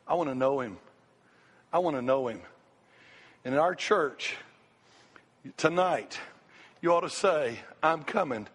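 A middle-aged man, preaching a sermon with an impassioned, repetitive cadence as a pastor. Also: on the high side. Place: church sanctuary. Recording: long hall reverb, faint music.

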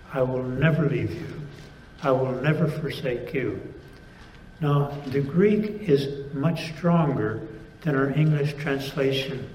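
A man preaching a sermon, speaking deliberately with pauses and emphatic stresses. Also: medium pitch, a little mellow, reverberant, a little hiss or hum, rough recording.

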